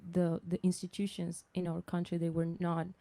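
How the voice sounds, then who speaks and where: Hesitant and slow, a female guest speaker shares her testimony, often stopping to start her sentences over. She has a dark, low, creaky voice and speaks in a flat, even way, recorded close and dry.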